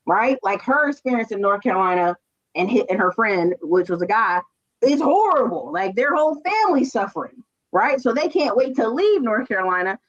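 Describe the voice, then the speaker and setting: A woman chatting casually on a stream, telling stories with quick asides. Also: on the high side, highs cut off. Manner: animated storytelling, quick asides. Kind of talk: casual chat.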